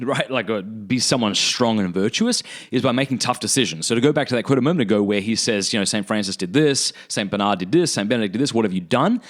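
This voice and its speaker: An Australian man hosting a podcast, talking about faith in a blunt, emphatic, animated way. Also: on the low side. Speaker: podcast host. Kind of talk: casual spiritual talk.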